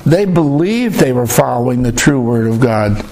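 An older man telling a story in a casual, halting way, with many restarts and pauses. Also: mid-range voice, animated, darkish tone, a little hiss or hum, low-quality recording. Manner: rambling, halting, with restarts and hesitations. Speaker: storyteller recounting a trip. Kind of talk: casual spoken recollection.

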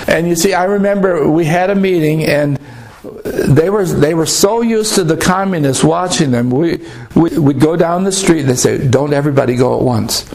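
An older man telling a story in a casual, halting way, with many restarts and pauses. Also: fairly high pitch, creaky, a little mellow, rough recording. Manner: rambling, halting, with restarts and hesitations. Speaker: storyteller recounting a trip. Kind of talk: casual spoken recollection.

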